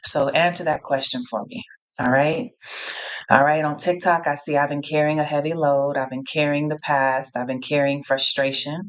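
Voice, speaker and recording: A woman hosting a live-streamed Q&A, reading out chat replies in an energetic, encouraging way and often repeating herself. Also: deep voice, normal speed. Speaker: live Q&A host, coach.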